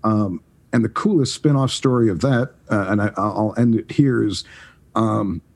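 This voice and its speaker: A man in his forties, a podcast guest, telling career stories in a casual, animated way, often restarting his sentences. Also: fairly low pitch, normal speed, gravelly. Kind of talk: casual storytelling.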